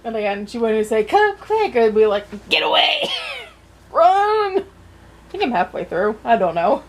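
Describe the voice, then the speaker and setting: A woman's voice: fairly high pitch, lively intonation, measured pace, darkish tone. A woman vlogger reading a children's storybook aloud and breaking off into chatty, joking asides.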